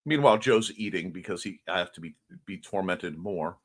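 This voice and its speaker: A man's voice: low voice, expressive, brisk. A man hosting a casual livestream morning show, chatting playfully as he reads out and answers viewer comments. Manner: chatty and playful, jumping between topics.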